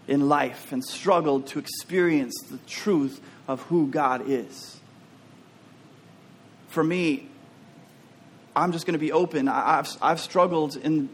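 High-voiced earnest male preacher. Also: husky. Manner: earnest, openly personal, repeats words as he restarts. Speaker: pastor. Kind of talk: sermon.

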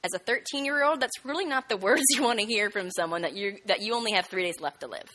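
A woman preaching a sermon in a bright, ringing voice. She tells a personal testimony with animated storytelling and slips into the voices of the people she quotes. Her pitch sits in the middle range for a woman. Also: quick pace.

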